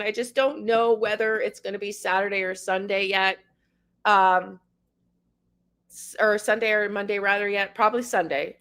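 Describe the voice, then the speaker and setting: A middle-aged tarot livestream host from Canada speaks in a mid-range voice with a sharp tone. Her emotional chat finds her crying, rambling, and naming individual viewers.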